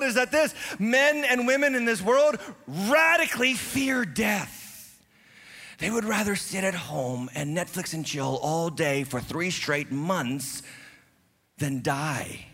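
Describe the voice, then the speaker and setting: A high-pitched, bright-toned man preaches from the pulpit, swinging from loud, emphatic bursts down to calm, quiet explaining. His voice carries a long, echoing reverb from the church hall around him. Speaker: pastor. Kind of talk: sermon. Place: church sanctuary.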